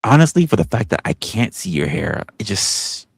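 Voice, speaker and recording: Low gravelly guy rambling on his live stream, stumbles and restarts a lot, dry close sound. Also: normal speed, no echo. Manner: rambling, stammering restarts, animated put-on quotes. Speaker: livestream host. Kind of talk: casual unscripted livestream chat.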